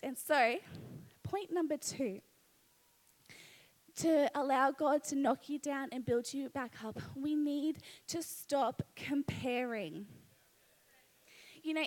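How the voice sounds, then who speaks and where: High-voiced Australian woman preaching. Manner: earnest, conversational, many "you know what" asides. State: pregnant. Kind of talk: live church sermon. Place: church hall, live service.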